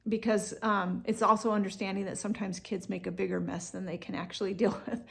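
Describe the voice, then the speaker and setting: A woman coaching parents in a relaxed, conversational way, with frequent fillers and restarts. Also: medium pitch, a little fast, gravelly. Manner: acts out what parents and kids say. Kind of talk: instructional talk to parents.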